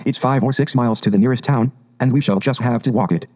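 A man's voice: medium pitch, quick pace, darkish tone, lightly acted. A man voicing a stern, practical male water rat who speaks firmly, in a storybook reading. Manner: firm and stern.

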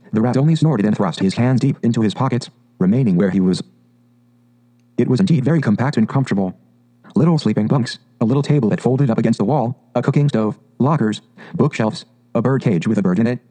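A man reading a classic animal storybook aloud in a measured, expressive way. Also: mid-range voice, low-quality recording. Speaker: audiobook narrator.

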